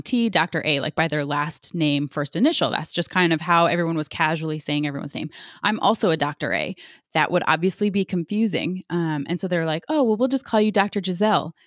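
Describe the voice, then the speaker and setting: Woman doctor in her forties, candid interview guest, animated storytelling, fillers, dry close sound. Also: low voice, no echo. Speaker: sports medicine team physician.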